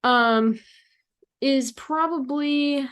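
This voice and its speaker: A woman's voice: high-pitched, extremely slow, fairly bright tone. Bossy young woman hosting a podcast. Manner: bossy, teasing, brushes questions off. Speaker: podcast host. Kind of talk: casual chat.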